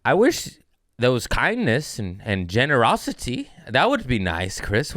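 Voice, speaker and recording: A man's voice: mid-range voice, huge pitch swings, unhurried, fairly bright tone, no echo, studio quality. A man doing a comedic podcast monologue, riffing casually and breaking into profane rants with self-mocking asides. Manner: profane ranting with rising outbursts.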